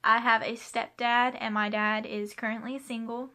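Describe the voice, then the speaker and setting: A woman around twenty speaks casually from her home, wandering through questions with offhand asides. Her voice sits a little high and has a bright, forward edge. The delivery is chatty and unpolished. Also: level tone, normal speed. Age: 20s. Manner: chatty, rambling, laughs and asides. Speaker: vlogger. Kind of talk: casual chat answering a question tag. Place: home room with a pet playing.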